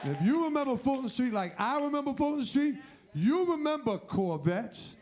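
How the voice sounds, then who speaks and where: Lively high-voiced man hosting a crowd. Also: moderate pace. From Brooklyn. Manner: hypes and teases the crowd. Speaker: comedy show host. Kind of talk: stand-up hosting and crowd work. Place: comedy club stage with live audience.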